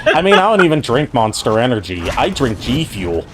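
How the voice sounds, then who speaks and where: A man's voice: mid-range voice, sing-song, background noise. A man hosting a game stream, chatting casually with friends, rambling and swearing as he talks. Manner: rambling, profane, talks through pauses. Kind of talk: casual chat over gameplay.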